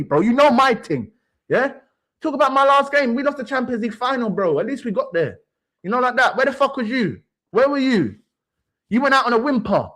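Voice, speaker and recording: A man's voice: extremely high pitch, big pitch swings, normal speed, a bit bright. A young man hosting a livestream, ranting brashly about football with swaggering street slang. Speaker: livestream host. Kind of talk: heated fan rant.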